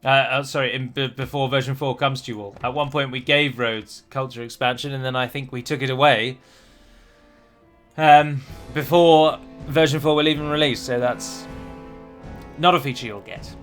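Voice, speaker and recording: A man's voice: medium pitch, fairly even intonation, normal speed, a bit bright, soft background music. A man giving casual gameplay commentary, rambling and self-deprecating with chatty asides.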